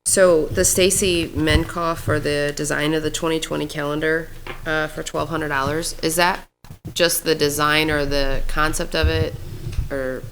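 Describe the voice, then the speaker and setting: A woman's voice: low voice, level tone, measured pace, a bit bright, faint music behind. A woman serving as a city councilmember, tentatively asking a question at a meeting.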